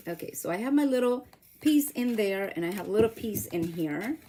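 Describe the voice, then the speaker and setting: A woman's voice: a little high, expressive, a little fast, dark tone. A middle-aged woman hosting a casual crafting demo at home, chatty, laughing at herself and talking to viewers as she works. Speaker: craft channel host.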